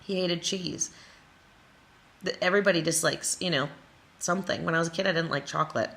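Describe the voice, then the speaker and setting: A woman from Wisconsin with a bright, forceful tone sitting a little low in pitch. She speaks as a motivational coach and builds her points in emphatic runs of repeated phrases. She drops in playful, silly asides along the way. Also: fairly quick, creaky. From Wisconsin, USA. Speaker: creative coach. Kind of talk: motivational talk to camera.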